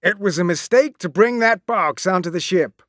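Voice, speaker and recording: A man's voice: high voice, expressive, moderate pace, fairly bright tone, no echo, studio quality, pitched above the performer's own voice. A man voicing a stern male ship captain who barks commands, in a storybook reading. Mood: grave. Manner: barking orders.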